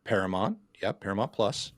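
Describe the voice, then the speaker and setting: A man's voice: on the low side, lively intonation, a little fast, no room sound, studio quality. A man co-hosting a podcast, chatting casually over a laggy video call and rambling a little as he goes. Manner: rambling, talks over others. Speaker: podcast co-host. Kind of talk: casual chat.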